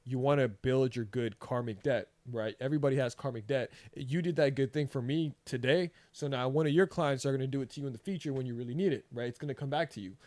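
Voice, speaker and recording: A man hosts a casual podcast interview in an easygoing, encouraging way, leaning on fillers like "you know" and "man". His voice sits at an ordinary middle pitch, recorded dry and close. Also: fast, few pauses, darkish tone, dry recording. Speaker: podcast host.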